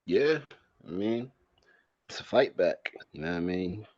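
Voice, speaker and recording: Real deep guy talking quick on a panel, muffled lo-fi sound, keeps hammering his point. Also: expressive, a little mellow, dry recording. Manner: emphatic, repeats his point. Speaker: panel guest. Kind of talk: casual online panel chat.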